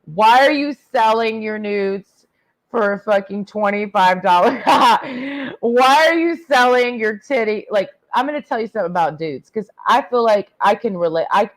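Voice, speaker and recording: A woman's voice: fairly high pitch, animated, moderate pace. A woman livestreaming a blunt, crude, rambling rant while tipsy from drinking. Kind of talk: profane ranting livestream monologue.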